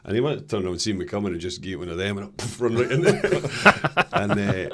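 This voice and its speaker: A Scottish man with a slightly low voice co-hosting a casual football podcast. He tells lively stories from his playing days, swearing freely and laughing through them. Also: fairly quick. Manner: animated anecdotes, swears, laughs. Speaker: podcast co-host, former player. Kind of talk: casual chat.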